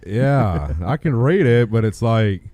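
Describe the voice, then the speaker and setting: A man's voice: medium pitch, expressive, unhurried, dark tone, no room sound. A man co-hosting a podcast in a laid-back way, mostly giving brief agreeing replies. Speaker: podcast co-host. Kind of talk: casual chat.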